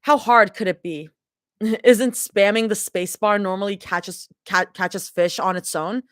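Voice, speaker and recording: A woman's voice: mid-range voice, steady tone, unhurried, a bit bright, dry recording, clean studio sound, natural voice. A woman voicing a young female adventurer who makes sarcastic, gamer-minded remarks and talks herself through trouble. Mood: wry. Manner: wry, sarcastic, self-talking.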